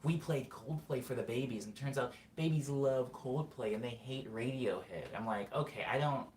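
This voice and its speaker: A man's voice: mid-range voice, normal speed, hardly any pauses, a little mellow, slight background noise. Rambling man in an echoey room. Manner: rambling, filler-heavy, self-correcting. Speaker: podcast host. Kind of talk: casual monologue. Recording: echoey room with faint ambience.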